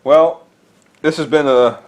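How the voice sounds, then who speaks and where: A man's voice: fairly high pitch, steady tone, slow pace. A man co-hosting a casual chat who teases his partner in a playful way. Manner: playful, teasing. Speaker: podcast co-host.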